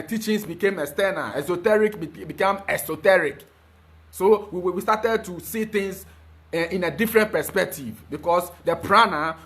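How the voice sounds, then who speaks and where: Man, high-pitched, preachy, emphatic, spiritual talk, filler-heavy. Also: a bit bright. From Ghana. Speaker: spiritual teacher.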